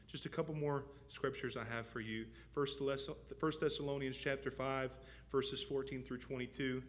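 A man preaching a sermon as pastor, moving from low, measured teaching to loud, fervent exhortation. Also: fairly even intonation. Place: church.

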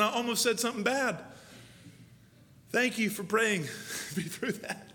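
In a church sanctuary, a man preaches a folksy, emphatic sermon, laughing at himself now and then. His high-sitting voice is pushed and bright, measured with long pauses, and the recording has hall reverb and faint noise.

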